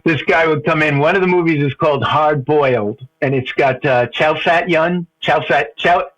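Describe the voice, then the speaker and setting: A man calling in to a movie podcast, rambling and halting, laughing at his own stories. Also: on the high side, a bit bright, muffled recording. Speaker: caller. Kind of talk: casual phone-in chat.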